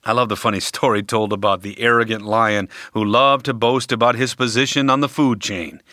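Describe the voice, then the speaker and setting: A man preaching a sermon, speaking deliberately and emphatically with dramatic pauses. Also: lowish voice, fairly even intonation, bright, forceful tone, no echo, clean studio sound.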